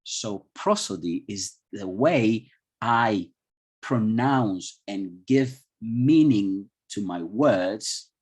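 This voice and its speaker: A man's voice: lowish voice, husky. A man with a Colombian Spanish accent, leading an online IELTS training session for teachers in a chatty way, with many restarts and questions put to the audience. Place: video call.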